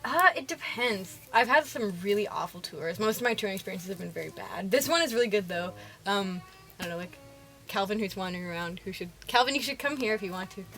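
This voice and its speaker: A young woman musician with a Canadian accent chats loosely in a casual interview, rambling and using "like" heavily. Her mid-range voice is animated, fast, bright, and forceful. Soft music plays in the background.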